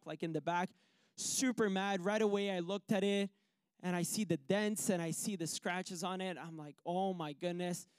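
A man preaching a sermon, telling a personal story with lively acted-out quotes. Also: sits high, clear, resonant tone, dry recording, clean studio sound. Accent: Canadian English. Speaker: pastor.

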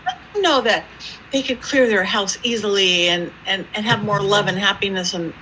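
A woman guest telling stories in an interview, with a lively improv-comedy manner and acted-out quotes. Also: normal speed, noisy background. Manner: lively, acts out quoted voices with big pitch jumps. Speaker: psychic medium guest. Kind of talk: animated storytelling interview.

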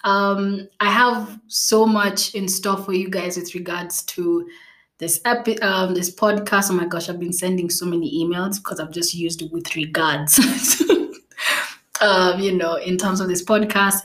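A woman's voice: mid-range voice, a bit bright, echoey room. A young woman from Kenya, hosting her own podcast in a casual, chatty way with frequent fillers and little laughs. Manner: chatty and self-laughing, many fillers and restarts. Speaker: podcast host. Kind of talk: casual solo podcast chat.

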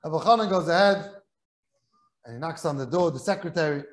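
A man, a rabbi, giving a Talmud class in a kollel study hall, telling a story in an animated way and repeating words when excited. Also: on the high side, brisk.

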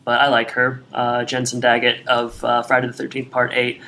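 A man's voice: mid-range voice, normal speed, noisy background. A man co-hosting a podcast, chatting casually and jokingly with many fillers. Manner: relaxed, joking, trails off with fillers. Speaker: podcast co-host. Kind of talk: casual chat.

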